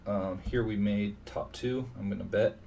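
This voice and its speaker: A man with a low, gravelly voice thinks aloud as he talks through his own online poker session at the computer. He mutters half to himself, a little way off the mic. Steady background noise and keyboard clicks sit under him. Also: moderate pace, distant mic.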